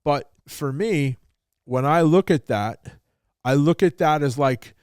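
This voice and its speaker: A man's voice: on the high side, takes it slowly, a little mellow, smooth, no echo, studio quality. A man hosting a podcast who tells stories casually and bluntly, swearing freely and acting out both sides of a conversation. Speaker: podcast host.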